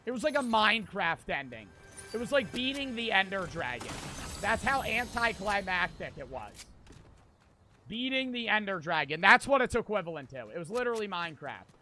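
High-voiced guy streaming a game, bright tense tone, cussing and roasting his chat. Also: very animated, soft background music. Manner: brash and profane, answers chat with quick irritation. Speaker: streamer playing a battle royale game. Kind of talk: casual live-stream commentary.

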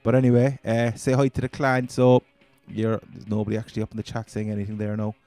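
Rambling, low-voiced Cork man. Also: monotone, fast talker, dark tone, no room sound, faint music behind. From Ireland. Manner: rambling, chatty, easygoing. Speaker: gaming channel host. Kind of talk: casual gaming commentary.

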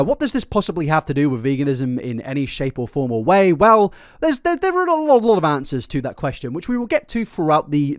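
A British man giving sarcastic commentary in a slightly high voice that swings up and down all the time. He sounds animated, tripping over words and repeating himself as he goes. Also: dry recording, clean studio sound. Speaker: commentary YouTuber. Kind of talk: reaction commentary.

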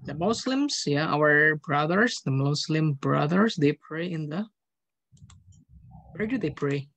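A man's voice: fairly high pitch, lively intonation, slow pace, vocal fry, fairly bright tone. A man with an Indonesian accent teaching an English class over a video call, patiently calling on pupils and explaining grammar step by step. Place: online meeting from home.

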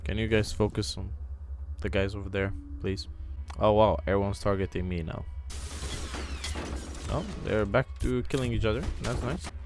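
A man commentating a game as host, excitable and jokey, swearing and making mouth sound effects. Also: on the low side, normal speed, long pauses, background noise. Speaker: gaming host. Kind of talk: let's play commentary.

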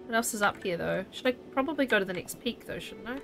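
A woman's voice: mid-range voice, expressive, quick pace, gravelly. A woman streaming a video game, chatting casually and animatedly with a questioning lilt.

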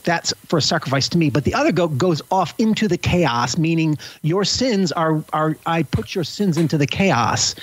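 A man's voice: on the high side, low-quality recording. A man thinking aloud as a panelist in a casual roundtable discussion over a video call. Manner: thinks aloud, self-correcting.

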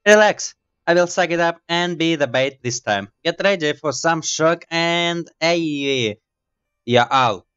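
A man voicing a tough young woman survivor, in a gentle, slightly feminine delivery. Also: fairly high pitch, slow pace, smooth, highs cut off, voice pushed up. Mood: bold.

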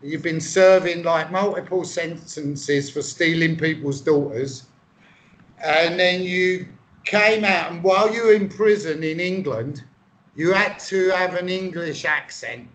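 Man, high voice, crude swearing, comedic podcast banter. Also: unhurried, a bit bright. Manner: crude, swearing, playfully goes along. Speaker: podcast co-host.

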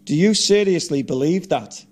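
Man reading a downbeat musician figure, dry self-mocking humour, slightly raised pitch. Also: animated, normal speed. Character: a resurrected famous musician, male, rueful and wry.

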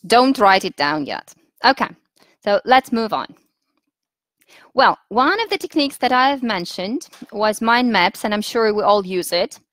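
A woman with a Russian accent runs a teachers' webinar at an unhurried pace, giving instructions patiently and pausing with fillers to collect her thoughts. Her voice sits at a middle pitch. The sound is dry and close, with no room echo. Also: a bit bright. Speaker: teacher trainer.

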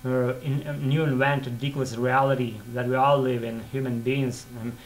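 A man with a Russian accent, a non-native speaker, rambling casually in a vlog with halting phrasing, frequent fillers and restarts. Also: medium pitch, little pitch movement, poor audio. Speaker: vlogger practicing English.

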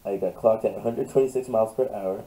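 A man's voice: on the low side, quick pace, poor audio. A young man casually commenting on his gameplay, rambling with lots of fillers and restarts. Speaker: gameplay video host. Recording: loud background noise.

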